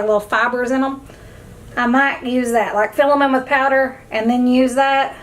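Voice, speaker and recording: A young woman chatting casually at home while doing her makeup, emotional and effusive, rambling from one thought to the next. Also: on the high side. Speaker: beauty vlogger. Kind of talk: casual get-ready-with-me chat. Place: at home, indoors.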